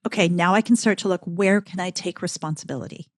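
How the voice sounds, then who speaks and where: A middle-aged woman talking as a podcast guest, telling a story with emphatic, animated energy. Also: fairly low pitch, fast talker, no echo, clean studio sound. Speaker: podcast guest, keynote speaker. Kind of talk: casual conversational interview.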